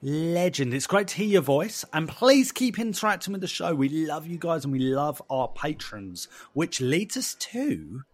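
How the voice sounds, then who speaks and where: A man co-hosts a casual podcast and speaks slowly, with a slightly raised pitch. He jokes warmly with the listeners. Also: sing-song. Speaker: podcast co-host.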